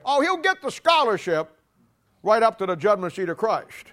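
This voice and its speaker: A man preaching a sermon emphatically, voice dropping low and soft at the ends of points. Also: normal speed. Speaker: pastor.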